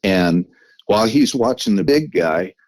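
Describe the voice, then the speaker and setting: A man's voice: on the low side, lively intonation, a little slow, a little mellow, dry recording. A man telling a story as a podcast guest, with restarts and frequent "you know"s.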